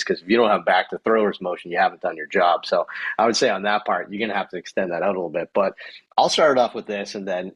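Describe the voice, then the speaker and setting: A man's voice: low voice, husky. A man hosting a physical therapy podcast in casual chat, rambling with many fillers and frequent laughter.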